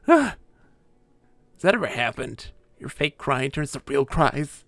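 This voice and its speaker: A man's voice: medium pitch, very animated, measured pace, vocal fry, pauses often, a bit bright, no room sound. A man streaming a game live, chatting in a goofy, joking, self-mocking way.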